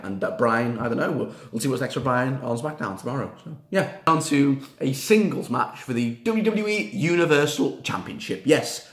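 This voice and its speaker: A man chatting casually in a fan reaction video, rambling with fillers and repeated words and breaking into excited cheers. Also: medium pitch, roomy sound. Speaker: wrestling reaction vlogger.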